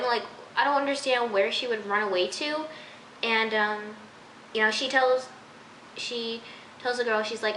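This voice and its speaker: A woman's voice: a little high, measured pace, long pauses, bright, forceful tone, slight background noise. A woman giving a casual, exasperated vlog review of a TV episode, chatty and full of fillers. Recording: roomy echo.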